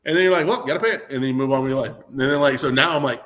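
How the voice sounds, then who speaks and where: A man's voice: mid-range voice, rapid-fire. A man in his thirties chatting casually on sports radio, telling jokey stories as a football fan. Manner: joking, animated storyteller. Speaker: guest, Clemson fan.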